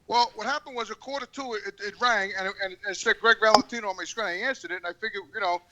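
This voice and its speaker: A man's voice: high voice, fast talker, pushed and bright, a little hiss or hum, low-quality recording. A man ranting in casual chat on a podcast call, profane, rambling and heated. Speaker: regular podcast guest. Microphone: video call.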